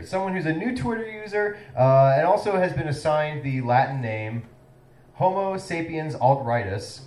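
Halting comedy host in an echoey room. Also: male voice, mid-range voice, a little mellow, distant mic. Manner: halting, filler-heavy delivery, breaking into laughter. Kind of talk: mock town-meeting presentation.

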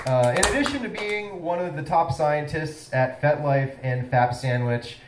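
Halting comedy host in an echoey room. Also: male voice, on the high side, animated, far from the mic, very noisy. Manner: halting, filler-heavy delivery, breaking into laughter. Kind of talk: mock town-meeting presentation.

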